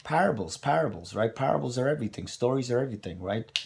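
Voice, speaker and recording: A man's voice: medium pitch, lively intonation, fast talker, gravelly, darkish tone. Profane rambling man ranting late at night. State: tired, up late on coffee. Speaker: online show host. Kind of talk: late-night casual rant.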